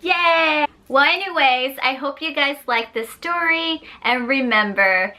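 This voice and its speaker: A woman's voice: high-pitched, measured pace, bright, forceful tone. A young woman casually telling a scary story to her viewers, playfully acting out voices and sound effects. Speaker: storyteller vlogger.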